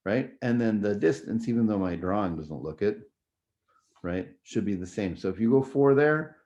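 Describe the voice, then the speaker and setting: Low-voiced man teaching music theory. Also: animated, normal speed, mellow. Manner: explanatory, conversational, frequent "right?" and "okay?" checks. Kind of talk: recorded lecture review.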